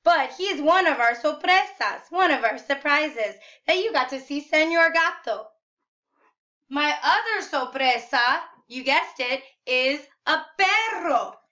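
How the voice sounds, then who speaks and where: A high, bright-toned woman leads a video lesson at an unhurried pace. She models each word slowly with a sing-song lift and cheers the class on with frequent praise. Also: lively intonation. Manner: slow, exaggerated, sing-song modeling of words; encouraging, praises often. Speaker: Spanish teacher. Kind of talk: video lesson, call-and-repeat drills.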